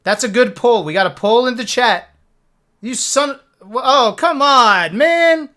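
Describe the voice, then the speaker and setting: A man's voice: very high voice, slow pace. A man in his thirties, a streamer, telling a story casually on a live stream with lots of swearing and laughter. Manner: animated, profane, laughing storyteller.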